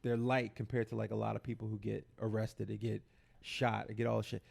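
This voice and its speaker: A man co-hosting a podcast, telling stories in a casual, animated, profane way and acting out the dialogue in them. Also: on the low side, brisk, vocal fry. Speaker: podcast co-host.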